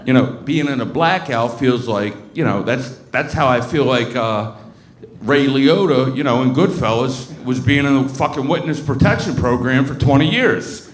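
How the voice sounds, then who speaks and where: A man's voice: mid-range voice, expressive, normal speed, a little hiss or hum. Crude rambly stand-up guy in his 30s from baltimore, lots of uh and you know, roomy club sound. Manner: crude, rambling, many fillers and restarts. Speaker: stand-up comic. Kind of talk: stand-up comedy set. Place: comedy club stage.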